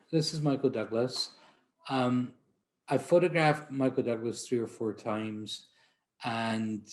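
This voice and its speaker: A man with a Glaswegian accent, a portrait photographer giving a conference talk, telling chatty, self-deprecating stories with frequent restarts. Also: mid-range voice. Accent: Scottish, Glaswegian. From Glasgow, Scotland. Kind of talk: anecdotal presentation.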